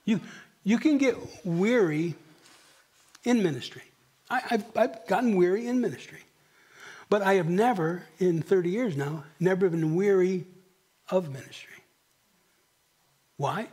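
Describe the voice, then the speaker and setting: A middle-aged male pastor preaching a sermon, swinging from near whispers to emphatic questions and clearing his throat often. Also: sits high, measured pace, pauses often, darkish tone. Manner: dramatic, dropping to near whispers and rising for emphasis; asks the congregation rhetorical questions. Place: church.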